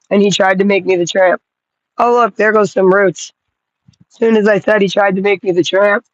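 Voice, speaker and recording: A woman's voice: mid-range voice, no echo, dull audio. A woman vlogging from her yard in a loose, rambling way, cooing at dogs and swearing casually. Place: outdoors in a yard.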